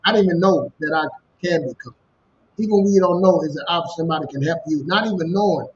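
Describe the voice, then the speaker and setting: A man with a Louisiana accent, a co-host telling a personal story in casual, animated talk. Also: fairly high pitch, fast talker, highs cut off, slight background noise. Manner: animated storyteller, repeats "you know what I'm saying". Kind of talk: storytelling chat.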